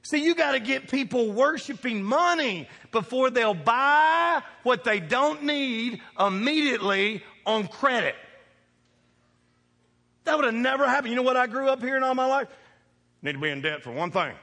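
A man preaching a sermon, folksy and conversational, swinging from quiet asides to shouted points. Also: extremely high pitch, moderate pace. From American farm country. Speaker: pastor. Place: church sanctuary. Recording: reverberant hall.

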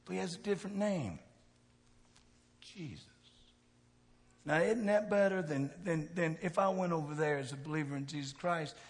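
Pastor preaching in a big hall. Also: male voice, a little high, moderate pace, long pauses, husky. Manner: conversational preaching, asks the crowd questions, swings from soft to shouting. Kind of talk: sermon. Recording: long hall reverb.

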